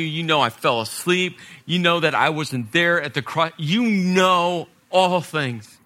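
Male preacher playing Peter, ashamed and pleading, hushed delivery, bright tone. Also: on the high side.

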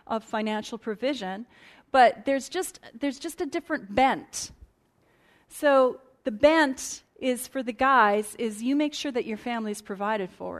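A woman with a fairly high voice speaks from a conference stage, teaching in an earnest, chatty way. She restarts her sentences often and drifts into friendly asides to the audience. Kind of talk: conversational teaching talk.

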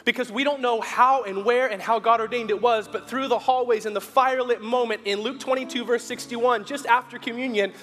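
A man preaching a sermon as pastor. He moves between hushed, slow storytelling and rising, forceful appeals, and acts out the Bible characters' lines in a casual, buddy-like voice. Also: very high-pitched, fairly even intonation. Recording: long hall reverb.

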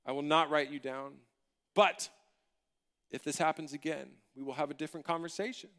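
Guy doing a stern but kind school english teacher lady, slow and solemn, bright clear tone. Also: on the high side, fairly even intonation, long reverb tail. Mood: earnest.

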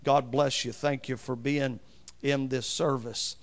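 A man preaching a sermon as pastor, reading scripture slowly with strong emphasis and calling for amens from the congregation. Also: mid-range voice.

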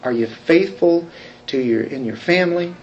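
A man's voice: a little high, expressive, moderate pace, muffled recording, a little hiss or hum. A man preaching a sermon, talking conversationally and asking the congregation questions. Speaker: pastor.

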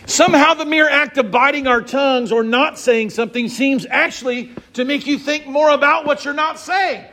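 A man's voice: fairly quick, few pauses, slight background noise. A man preaching a sermon to his congregation, acting out little scenes and voices as he explains a psalm. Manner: animated, acts out scenes and voices with big pitch swings. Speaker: pastor.

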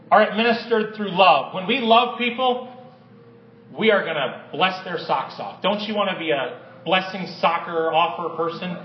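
A male pastor preaching a sermon with impassioned swings from loud declarations to hushed prayer, in a church sanctuary. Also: high voice, a little hiss or hum. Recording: echoey distant room, dull lo-fi sound.

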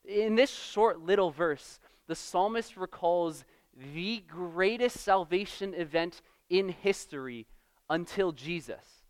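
Earnest young man preaching, clear voice. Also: high voice, slow pace. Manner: earnest, emphatic, with repeated restarts. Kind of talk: sermon.

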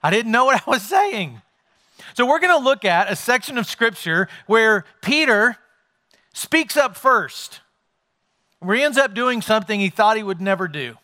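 High, bright-voiced male pastor preaching. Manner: conversational, jokes with the congregation. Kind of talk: sermon. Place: church sanctuary with a congregation.

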